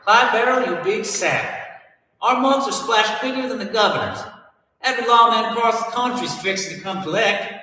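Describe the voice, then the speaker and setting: A man voicing a sharp-tongued 1930s outlaw woman with a scolding, old-timey drawl, recorded in an echoey room away from the mic. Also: high voice, animated, normal speed, recorded from a distance, slight background noise, voice pushed up.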